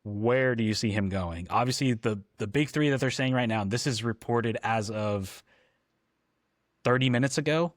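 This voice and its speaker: A man's voice: mid-range voice, normal speed, no echo, clean studio sound. A man co-hosting a casual football podcast, talking with frequent ums and restarts. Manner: hesitant, lots of ums and restarts. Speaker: podcast co-host.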